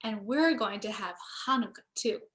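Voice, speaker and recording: A woman's voice: mid-range voice, moderate pace, close to an everyday voice. A woman voicing a doting older grandmother in a read-aloud storybook. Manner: doting, gently reassuring. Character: warm older grandmother with a heavy accent.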